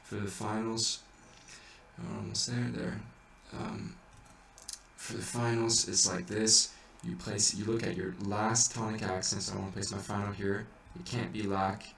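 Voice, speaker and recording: Deep gravelly man teaching chant. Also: little pitch movement, a little slow, a bit bright. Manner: thinks aloud, hesitant with many restarts, breaks into sung examples. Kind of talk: informal music lesson. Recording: echoey room, mic at a distance, faint hiss.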